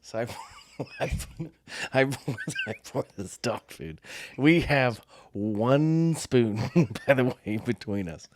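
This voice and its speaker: This middle-aged man, once a Marine, co-hosts a podcast and laughs a lot while casually sharing stories. He speaks slowly in a mid-range, darkish voice with lively intonation.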